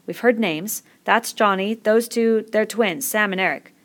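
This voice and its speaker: A woman's voice: medium pitch, a little slow, natural voice. A woman voicing a timid, earnest young boy with glasses, eager to help.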